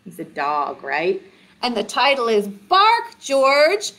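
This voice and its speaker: A woman librarian leads a children's storytime in a high, bouncing, sing-song voice. She speaks slowly and clearly, drawing the little ones in with questions. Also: wildly swooping pitch, fairly bright tone.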